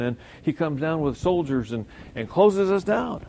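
A man's voice: on the high side, animated, a little slow, creaky, warm tone. A man preaching a sermon in a conversational way, firing off rhetorical questions and correcting himself as he goes.

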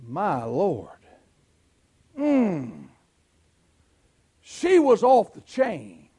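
A middle-aged man with a Southern US accent preaching a sermon, telling folksy stories and swelling into shouts. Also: high voice, wildly swooping pitch, extremely slow, husky. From Southern United States. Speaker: pastor.

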